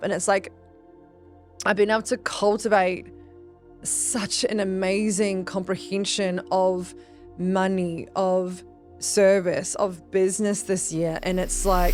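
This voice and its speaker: A woman's voice: medium pitch, steady tone, normal speed, a little mellow, faint music behind. A woman, a business coach and podcast host, talking in an earnest, emphatic way with casual swearing and lots of fillers. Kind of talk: casual motivational talk.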